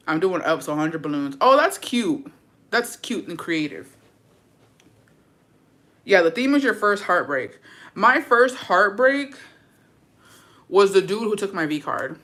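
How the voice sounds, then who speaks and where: A woman's voice: deep voice, sing-song, unhurried, pauses often. Chatty, profane young woman vlogger. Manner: chatty, profane, slangy, mixing in Spanish words. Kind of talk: casual chat to camera.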